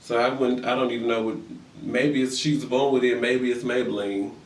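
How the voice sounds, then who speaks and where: A man's voice: mid-range voice, steady tone, normal speed. A young man recapping reality TV in a sassy, profane gossip rant, acting out other people's lines. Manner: sassy, profane, acts out quoted voices. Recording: echoey room, far from mic.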